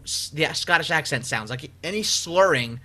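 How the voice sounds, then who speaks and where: A male podcast host who rambles through stories with animated energy and plenty of fillers. His voice is bright and sits a little high for a man. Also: moderate pace. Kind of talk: casual comedy podcast chat.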